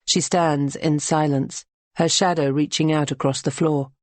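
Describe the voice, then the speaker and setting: Low-voiced woman reading a novel. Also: steady tone, measured pace, a little mellow, dry recording. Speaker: audiobook narrator. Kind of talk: scripted narration.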